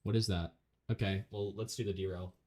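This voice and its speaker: A man's voice: sits low, fairly even intonation, brisk, dark tone. A man hosting a casual stream, chatting with friends and rambling through his stories with restarts. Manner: rambling, self-interrupting storyteller. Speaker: streamer host.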